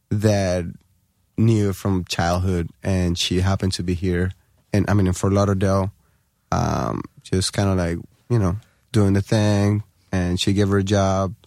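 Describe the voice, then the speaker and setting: A man's voice: low-pitched, steady tone, unhurried, darkish tone, dry recording, clean studio sound. A middle-aged man, a podcast guest chatting loosely with lots of fillers and swearing. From Colombia. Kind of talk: casual chat.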